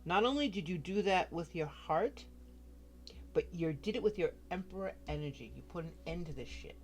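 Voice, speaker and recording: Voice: mid-range voice, animated, moderate pace. A tarot reader giving a casual card reading straight to the viewer, talking frankly and cursing freely. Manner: chatty, frank, swears freely, addresses the viewer directly.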